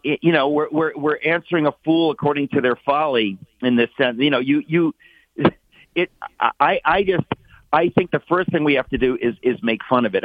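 A man in his sixties, a guest talking with forceful, mocking scorn. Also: a little high, dry recording. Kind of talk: emphatic opinion talk. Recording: tinny phone line.

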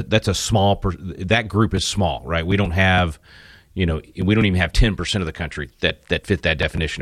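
Low-voiced guy hosting talk radio, preachy, lots of uh and restarts, dry studio sound. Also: no room sound. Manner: earnest, preachy, with frequent restarts and fillers. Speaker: radio talk show host.

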